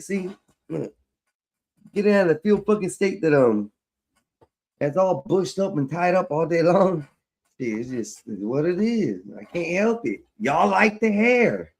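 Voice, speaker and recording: A man's voice: sits high, very animated, unhurried. Profane, rambling man streaming live. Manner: loose, profane, rambling, addresses viewers as y'all. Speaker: livestreamer. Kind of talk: casual live-stream chat. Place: at home, fixing his hair on camera.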